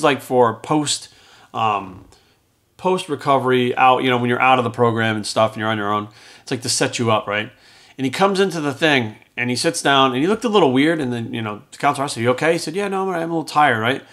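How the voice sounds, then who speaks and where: A man's voice: medium pitch, fast, fairly bright tone. A middle-aged man telling a personal story in a casual, rambling monologue, acting out the lines of the people in it as a podcast host. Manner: rambling and conversational, acts out quoted dialogue. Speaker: fitness coach and podcast host.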